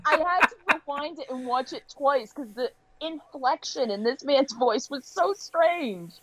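A woman's voice: high-pitched, measured pace, slight background noise, rough recording. A woman who teaches English, a guest on a podcast, chatting casually and thinking aloud. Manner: lively, laughing, thinks aloud. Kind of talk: casual chat.

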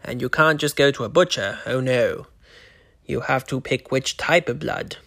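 A man's voice: medium pitch, normal speed, creaky, pushed and bright. A man voicing Vincent, a morbid, pun-loving male vampire who hosts a horror show, in a campy, macabre monologue.

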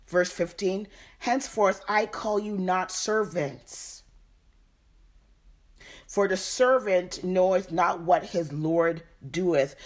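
Woman Bible teacher with a low, slow delivery who goes through scripture verse by verse. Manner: reads scripture then repeats and explains it.

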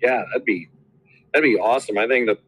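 Bright-voiced man, hesitant chat. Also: medium pitch, a little fast, husky, low-quality recording. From South Dakota. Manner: hesitant, many fillers. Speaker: teacher. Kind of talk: casual chat.

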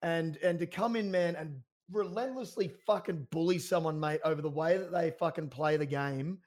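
A man's voice: a little high, normal speed. A man co-hosting a casual podcast, talking loosely and heatedly, peppered with "mate" and "man". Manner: fired-up, loose talk full of "mate" and "man".

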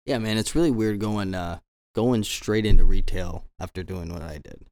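A man's voice: low voice, moderate pace, a little mellow. A man hosting his own show, telling casual stories in a loose, rambling way. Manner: rambling, many restarts and fillers. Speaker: podcast host. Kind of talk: casual storytelling monologue.

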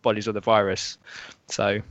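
English guy on a podcast thinking out loud, dry close mic, kinda wry. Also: lowish voice, flat delivery, normal speed, no echo. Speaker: podcast co-host. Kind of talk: casual podcast chat.

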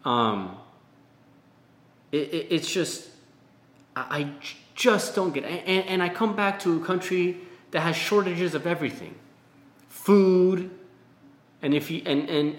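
A man's voice: on the high side, a bit bright, echoey room. A man talking straight to camera in a frustrated, ranting monologue, often repeating words and swearing. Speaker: vlogger.

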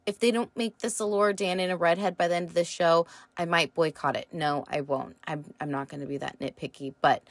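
A woman's voice: lowish voice, steady tone, brisk, few pauses, no room sound. A woman reviewing a TV show in a casual, rambling chat, full of fillers and the odd swear word.

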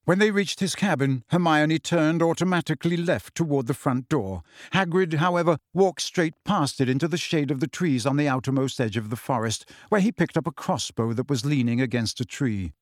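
Male audiobook narrator, steady scripted reading, fairly high pitch. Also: moderate pace, hardly any pauses, no room sound. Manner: steady storytelling. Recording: dry close studio sound.

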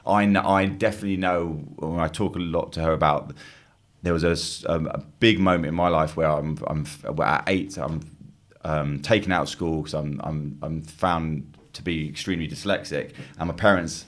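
Very deep man, reflective interviewee, searching for words. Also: steady tone, moderate pace. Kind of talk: reflective casual chat.

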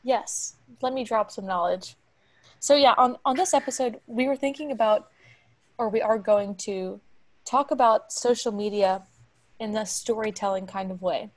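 A woman's voice: mid-range voice, moderate pace, darkish tone. Chatty young woman storyteller. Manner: chatty, acts out quoted voices. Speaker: podcast co-host. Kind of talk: casual podcast storytelling.

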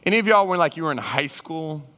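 A man preaching a sermon, animated, acting out Bible figures and his listeners in raised voices. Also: on the high side, fast talker. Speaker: pastor. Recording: reverberant hall sound.

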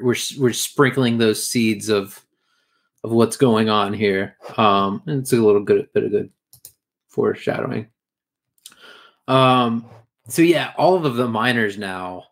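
A man in casual podcast chat, rambling and crude as he recaps a show. His pitch sits in an ordinary middle range. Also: gravelly. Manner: rambling, crude, lots of fillers and laughs. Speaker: podcast co-host recapping an anime episode.

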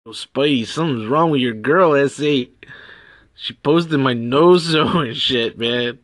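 A man's voice: mid-range voice, slow pace, fairly bright tone, dry recording, studio quality. A man ranting in crude, rowdy banter as a podcast guest. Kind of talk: casual rant.

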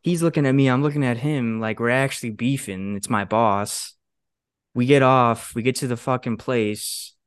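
A young man in his twenties, co-hosting a podcast and telling a story in a casual, animated way, swearing often and acting out what others said. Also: medium pitch, normal speed, smooth, no room sound, clean studio sound. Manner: animated, swears a lot, acts out quotes. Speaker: podcast co-host.

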